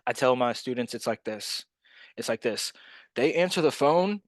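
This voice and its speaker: A man in the middle of the usual pitch range coaches sales calls with a punchy, emphatic drive. He acts out parts of the phone calls as he goes. The sound is dry, with no room around it. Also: normal speed, no echo. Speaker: real estate wholesaling coach. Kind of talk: energetic sales coaching monologue.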